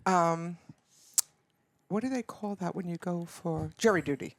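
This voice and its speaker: A woman guest in casual chat, telling family stories in an animated way. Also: on the low side, a little slow. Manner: animated storyteller. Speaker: podcast guest.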